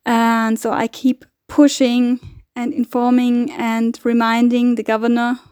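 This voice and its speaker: Woman podcast host, higher voice, slow hesitant delivery full of fillers, dry close sound. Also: completely flat delivery, a little mellow, no room sound. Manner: hesitant, halting, many fillers and restarts. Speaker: podcast host giving weekly updates. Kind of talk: casual spoken appeal.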